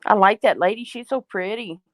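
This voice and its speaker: A woman in easy chat with friends, spinning lively, playful anecdotes about her own antics. Her voice sits at a middling pitch and sounds close and dry, with almost no room around it. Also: brisk, no room sound. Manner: animated storyteller, playful. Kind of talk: casual chat among friends.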